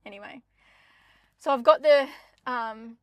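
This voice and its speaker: A young woman tells a story in a casual podcast chat. Her voice sits a little high, and her telling is lively and dramatic. The sound is close and dry. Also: unhurried, no echo. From Australia. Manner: animated, dramatic retelling with laughs. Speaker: podcast co-host.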